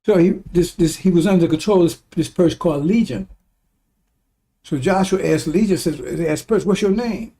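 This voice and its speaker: A man's voice: a little high, normal speed, dark tone. A man giving a rambling, emphatic religious talk, swearing when he gets worked up. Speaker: religious teacher. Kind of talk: informal religious teaching.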